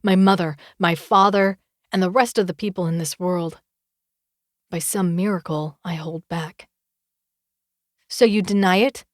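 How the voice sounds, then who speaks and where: A woman narrating a romance audiobook in the first person, with an expressive, measured reading. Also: on the low side, no echo, studio quality.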